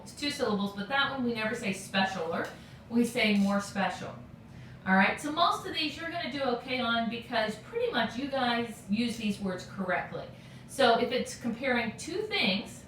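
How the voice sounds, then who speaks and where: A woman teacher giving a recorded grammar lesson, patient and steady, checking in with frequent okays. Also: on the high side, a little hiss or hum. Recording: echoey room, voice from a distance.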